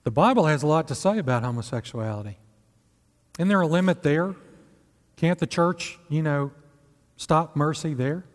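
A man's voice: a little high, animated, moderate pace, pauses often. A male pastor preaching a sermon in a conversational way, asking the congregation rhetorical questions. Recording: long hall reverb.

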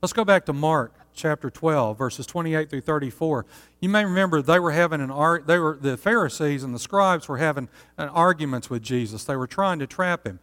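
A man gives an earnest sermon as pastor, often checking in with his listeners through rhetorical questions. His voice sits a little higher than most men's. The words ring out with a long reverb, as in a large church hall. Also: animated, a little fast, a bit bright.

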